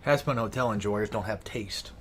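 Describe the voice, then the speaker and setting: A man's voice: fairly low pitch, moderate pace, a little hiss or hum. A young man giving casual, rambling gameplay commentary, sarcastic and swearing often. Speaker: gaming YouTuber.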